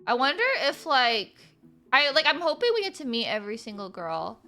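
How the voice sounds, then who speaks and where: A woman's voice: a little high, very animated, brisk, sharp tone, faint music behind. A woman streamer chatting casually and giggling while she plays a dating game. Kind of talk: casual live-stream commentary.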